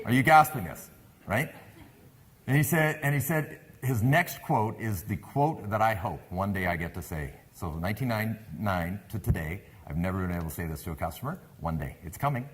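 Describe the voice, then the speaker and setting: A man's voice: on the low side, breathy edge. A man with a Canadian accent, speaking to a live audience as a sales speaker, telling a story and asking the crowd questions. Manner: animated, engages the audience with questions.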